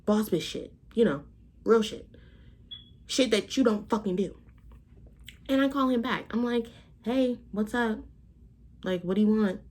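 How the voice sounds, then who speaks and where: A woman's voice: medium pitch, measured pace, long pauses, darkish tone. A young adult woman telling a story to her vlog camera in a blunt, emphatic, profane way. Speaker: vlogger. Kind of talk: casual storytime rant.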